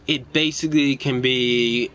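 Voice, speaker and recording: A man's voice: medium pitch, fairly even intonation, measured pace, fairly bright tone, slight background noise. A young man giving rambling, casual commentary over a card game as a streamer, stopping now and then to scold his cats. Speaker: gaming streamer.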